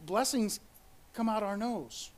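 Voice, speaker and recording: Speaking slowly with lively intonation, a high-voiced man preaches with real earnestness, reading scripture aloud between his own comments. He repeats words as he goes and pushes his pitch higher whenever he drives a point home.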